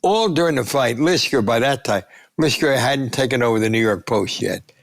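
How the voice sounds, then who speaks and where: A man in his nineties, a guest sportswriter, telling animated anecdotes and acting out the voices of people he quotes. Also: mid-range voice, moderate pace, creaky. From United States. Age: 90s. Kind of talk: storytelling interview.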